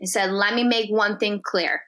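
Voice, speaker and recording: A woman appearing as a podcast guest tells an animated, swear-laden story in easygoing talk, voicing each quote as she goes. She speaks at a moderate pace with a mid-range voice.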